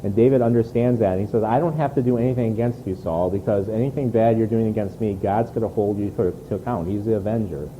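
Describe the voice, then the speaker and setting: A man's voice: fairly low pitch, quick pace, few pauses, dark tone, dull audio, a little hiss or hum. A man preaching a sermon in an earnest, conversational way, often repeating words as he restarts. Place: church.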